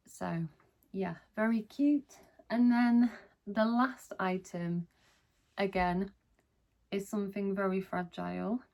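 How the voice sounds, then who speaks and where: A woman's voice: medium pitch, gravelly. A woman chatting casually in a haul vlog, gushing enthusiastically over each item she shows. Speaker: vlogger. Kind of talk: casual haul video chat.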